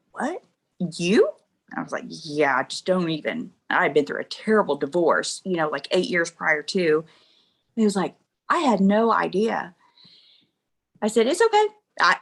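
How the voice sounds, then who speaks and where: A woman's voice: fairly low pitch, creaky, fairly bright tone. A middle-aged woman, an interview guest, telling a personal story in a chatty way, laughing often and acting out what people said. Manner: chatty, laughs often, acts out quoted dialogue.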